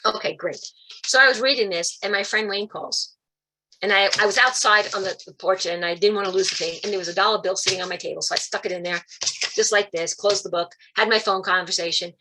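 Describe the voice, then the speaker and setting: Animated, bright-voiced woman on a video call. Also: fairly quick, slight background noise. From Italian-American, Calabrese roots. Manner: animated storytelling, quotes voices with big pitch jumps. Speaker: guest speaker. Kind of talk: spiritual talk on a video call.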